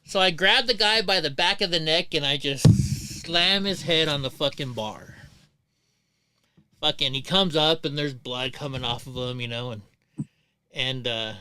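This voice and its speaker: Middle-aged male stream host: rambling, profane storyteller, bright crisp tone, dry close sound. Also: a little high, normal speed, dry recording. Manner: rambling, profane, many restarts. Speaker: livestream host. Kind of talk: casual storytelling on a livestream.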